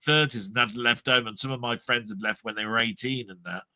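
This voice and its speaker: A man's voice: medium pitch, a little fast, no room sound. A middle-aged Englishman, rambling in casual podcast chat about old comedy. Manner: rambling, animated impressions of comedians. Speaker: podcast co-host. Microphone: live stream mic.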